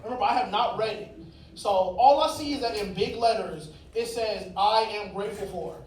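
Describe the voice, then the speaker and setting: A man's voice: high-pitched, normal speed, recorded from a distance, a little hiss or hum. A man doing a stand-up comedy set, telling crude, profane stories on a club stage. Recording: echoey club mic with loud crowd. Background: audience laughter.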